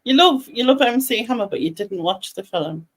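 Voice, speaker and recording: A woman's voice: on the high side, lively intonation, normal speed. A woman co-hosting a casual live stream, making dry, teasing remarks. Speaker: co-host.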